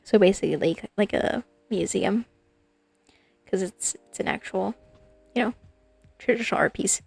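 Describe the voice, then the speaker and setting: A woman's voice: mid-range voice, normal speed, creaky, a little mellow, slightly rough, dry recording, faint music behind. A woman streaming as a digital artist, chatting casually and playfully with her viewers in a rambling way. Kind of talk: casual livestream chat with viewers.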